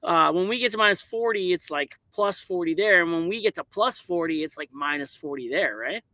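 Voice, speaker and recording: A man's voice: a little high, animated, a little fast, bright, forceful tone, no room sound. A man, hosting a casual podcast chat and asking easygoing, teasing questions. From Canada. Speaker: podcast host.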